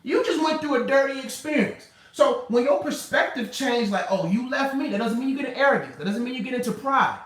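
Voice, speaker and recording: A man's voice: very high voice, animated, a little fast, hardly any pauses, fairly bright tone, far from the mic. A man who is a relationship coach, giving motivational advice in an emphatic, preacher-like, conversational way and repeating key phrases. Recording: roomy sound, speaker away from the mic.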